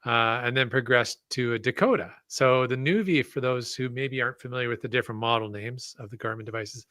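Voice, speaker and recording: A man's voice: medium pitch, fairly quick, sharp tone, dry recording, studio quality. A man co-hosting a podcast in casual chat, upbeat and chuckling often. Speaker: podcast co-host.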